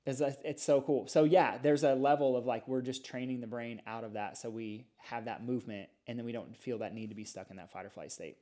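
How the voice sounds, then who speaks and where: A middle-aged man, a chiropractor, explaining and telling stories in a casual podcast interview, talking in a lively, animated way. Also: medium pitch, brisk, few pauses. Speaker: chiropractor guest.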